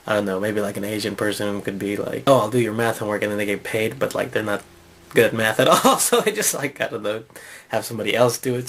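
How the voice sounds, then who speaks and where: A man with a low, gravelly voice hosts a comedy vlog. He rambles loosely with lots of filler words and small laughs, working ideas out as he goes. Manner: loose, meandering, filler-heavy, chuckling. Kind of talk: rambling casual monologue.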